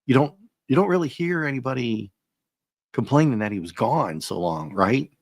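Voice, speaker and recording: A man in a casual comic review, relaxed, paraphrasing panels with chuckles. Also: medium pitch, normal speed, no room sound, studio quality. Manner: laid-back, paraphrases dialogue with chuckles.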